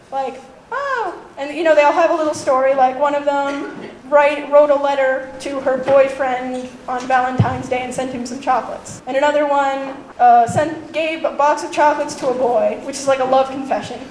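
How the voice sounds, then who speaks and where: A woman in casual chat who giggles often and acts out quotes in a higher voice. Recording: roomy echo, faint background noise.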